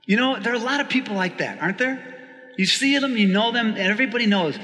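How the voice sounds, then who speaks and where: Male priest, chatty homily style, high bright voice, long reverb on the recording. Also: fast talker. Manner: chatty and animated, laughing often, asking listeners "right?". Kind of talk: conversational sermon.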